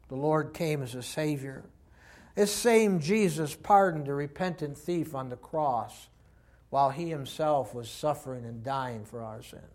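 Male preacher, high-pitched, impassioned sermon delivery with big swings in volume. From Texas.

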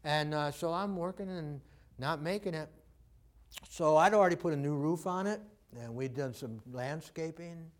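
A preacher with a slightly mellow voice on the high side tells a personal story during his sermon. He keeps it conversational and acts out the people he quotes.

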